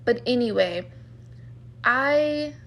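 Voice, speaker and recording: A young woman tells stories to her vlog camera in a loose, rambling rant. Her voice sits a little high, and she sounds exasperated and fed up. She fills her talk with "like" and acts out the lines of the people she is complaining about. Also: animated, very slow, fairly bright tone. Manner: exasperated, lots of "like", acts out what others said. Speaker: vlogger. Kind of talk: casual storytime rant.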